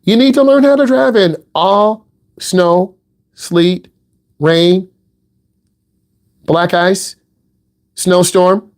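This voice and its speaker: A man's voice: high-pitched, fairly even intonation, extremely slow, pauses often. A middle-aged man from the Midwest giving a driving lesson in a blunt, teasing, direct way. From American Midwest. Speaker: driving instructor. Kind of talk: casual instructional talk.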